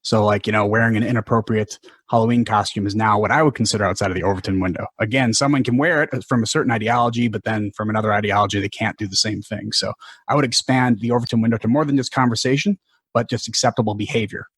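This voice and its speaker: A man who is a guest on a podcast, making measured points in casual conversation. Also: fairly low pitch, fairly even intonation, a bit bright, slightly rough, no echo.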